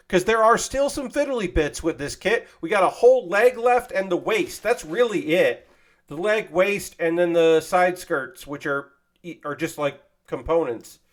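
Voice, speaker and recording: A man chatting casually on a livestream while building a model kit, thanking viewers by name and joking to himself. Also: a little high. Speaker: streamer building model kits.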